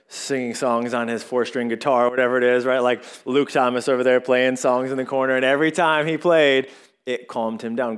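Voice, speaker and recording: A male pastor delivers a sermon in a church sanctuary, telling a story with animated, shifting emphasis. His voice sits at an ordinary pitch for a man.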